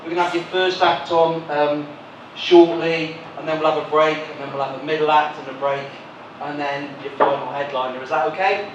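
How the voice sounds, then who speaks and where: A man's voice: on the high side, little pitch movement, a little fast, muffled recording. A male comedy club host doing teasing crowd work at a live venue, with flu. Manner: cheeky, teasing banter with the audience. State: has flu. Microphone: stage microphone. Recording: echoey venue from far off, noisy.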